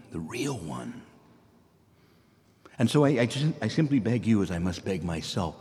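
A low-voiced man preaching in a church, his voice carrying a long hall reverb. He pleads earnestly, swings widely in pitch, rises to bright exclamations and then sinks almost to a whisper. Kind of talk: sermon.

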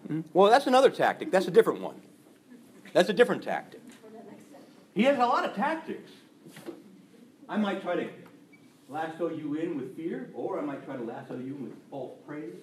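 A male preacher delivering a sermon in an animated way, acting out quick voices of people he describes. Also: fairly high pitch, a little hiss or hum. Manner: animated, acts out gossiping voices.

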